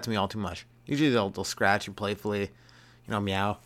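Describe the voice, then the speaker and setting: Rambling, swearing man, low voice. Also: quick pace, fairly bright tone. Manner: rambling, swearing, laughs at own jokes. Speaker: comedian podcast host. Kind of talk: casual comedic monologue.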